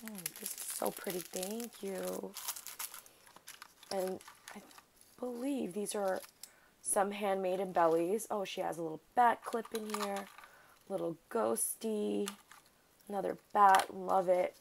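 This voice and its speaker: Slow, gravelly-voiced woman gushing over crafts. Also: medium pitch, slight background noise, low-quality recording. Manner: gushing, excitable, many thank-yous. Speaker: craft vlogger. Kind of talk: casual unboxing chat. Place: at her craft desk.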